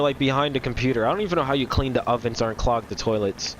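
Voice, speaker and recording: A man's voice: mid-range voice, fairly quick, few pauses, slight background noise. A young man casually commenting on a game while chatting with viewers, rambling and repeating himself, often apologizing. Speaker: gaming streamer.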